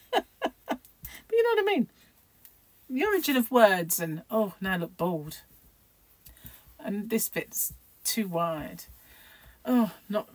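Chatty woman, lowish dry voice. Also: no room sound, rough recording. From United Kingdom. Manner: rambling, chatty, self-mocking, fond of asides. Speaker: crochet vlogger. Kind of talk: casual chat to camera.

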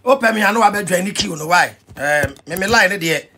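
A Ghanaian man ranting in an animated vlog commentary, excitable and mixing pidgin with Twi. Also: high-pitched, fairly quick, a little hiss or hum. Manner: excitable, switching between pidgin and Twi, shouting and laughing. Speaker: vlogger.

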